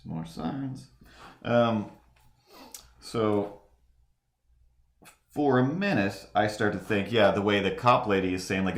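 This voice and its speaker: He speaks slowly in a lowish voice, pausing often, and the room echoes. It's a long, rambling anecdote on a live drawing stream, peppered with "like"s and restarts, with him acting out each person in it.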